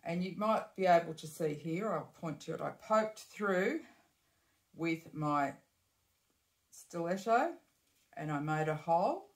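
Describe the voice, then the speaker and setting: A woman's voice: fairly low pitch, animated, slow, long pauses. A woman giving a casual sewing demonstration, chatty, correcting herself and adding asides as she goes. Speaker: bag-making tutor. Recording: echoey room.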